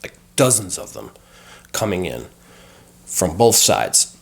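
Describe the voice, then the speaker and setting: Lowish-voiced man telling a story. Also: slow pace, vocal fry. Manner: animated, acts out dialogue, frequent fillers. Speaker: guest sharing recovery experience. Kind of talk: conversational storytelling.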